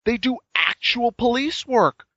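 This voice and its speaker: A man's voice: very high-pitched, animated, a little slow, bright, forceful tone, no echo. A man chatting casually and enthusiastically about a game, rambling with frequent restarts, on dull lo-fi audio. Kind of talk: casual chat reviewing a game.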